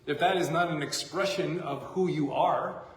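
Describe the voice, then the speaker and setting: A man's voice: on the high side, normal speed, slight background noise. A man preaching a sermon as a pastor, in a casual, joking, conversational way, recorded in a church sanctuary. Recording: echoey church hall.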